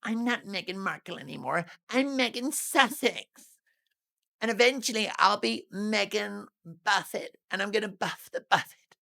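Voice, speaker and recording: A man's voice: sits high, normal speed, gravelly, sharp tone, voice pushed up, heavily acted. A man voicing a self-obsessed, grandiose social-climbing woman in a mocking put-on drawl. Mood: smug.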